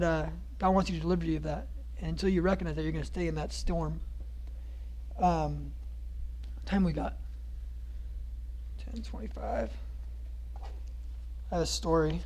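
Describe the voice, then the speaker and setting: A man with a high voice gives a loose, conversational sermon to a men's gathering. He jokes, tells stories and keeps checking in with "right?" as he goes. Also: a little mellow. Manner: conversational, keeps asking "right?", laughs at his own jokes. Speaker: lay preacher at a men's conference. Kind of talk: casual sermon.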